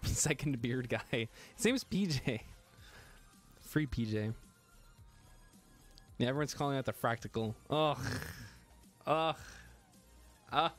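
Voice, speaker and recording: A man's voice: medium pitch, expressive, slow, pauses often, fairly bright tone, soft background music. A man hosting a casual live stream, joking and laughing as he gets flustered over his own slip. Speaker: livestream host building a PC.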